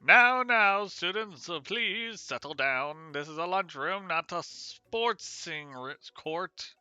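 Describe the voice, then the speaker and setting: A streamer voicing a flustered school official who tries to calm students in a lunchroom. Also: mid-range voice, smooth, no echo, muffled recording, soft background music, exaggerated voice. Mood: fussy. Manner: hesitant, fussy, slowed speech. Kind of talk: game dialogue read aloud by a streamer.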